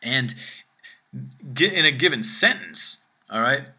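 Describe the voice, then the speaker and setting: Bright-voiced man teaching a language lesson. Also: mid-range voice, lively intonation, slow pace. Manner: explanatory, frequent "all right?" check-ins. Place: room with phone ringing behind.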